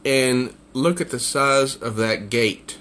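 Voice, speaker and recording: A man's voice: mid-range voice, slow pace, a bit bright. A man casually reviewing a comic book, summarizing the pages with evident amusement. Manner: amused, easily tickled by the jokes.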